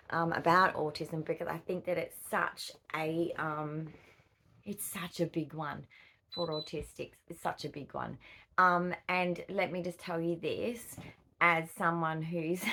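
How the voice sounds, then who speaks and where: Speaking to camera with an Australian accent, a middle-aged woman from Australia has a lowish, slightly bright voice. Her vlog chat is rambling and easily distracted, peppered with fillers and laughter.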